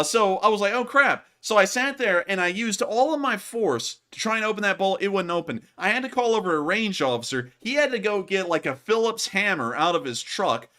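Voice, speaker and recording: A man hosting a livestream, chatting casually and telling stories in an animated way. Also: high-pitched. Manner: animated storyteller, says y'all. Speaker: host of a war news livestream.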